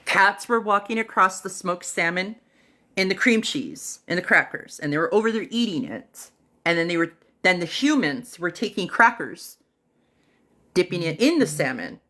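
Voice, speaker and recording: A woman with a somewhat low voice retells a personal story on a livestream. She talks in a loose, unhurried way, with fillers and pauses, and she acts out what other people said. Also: sharp tone. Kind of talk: casual first-person storytelling.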